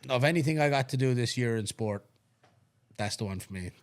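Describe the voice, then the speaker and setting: A young Irish man co-hosting a sports podcast, talking in a relaxed, rambling way and often restarting his sentences. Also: medium pitch, brisk. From Ireland. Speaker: podcast co-host and strongman competitor. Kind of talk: casual chat.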